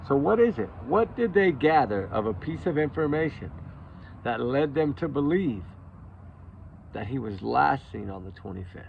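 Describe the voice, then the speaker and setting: A worn-out man talks straight to his viewers in a loose, rambling monologue, circling back to the same words for emphasis. His mid-pitched voice has a gravelly rasp to it. The recording sounds dull and lo-fi. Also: very animated, moderate pace, slight background noise. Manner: rambling, emphatic, repeats himself. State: exhausted from lack of sleep. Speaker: true crime commentary channel host. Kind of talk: casual opinion monologue to viewers.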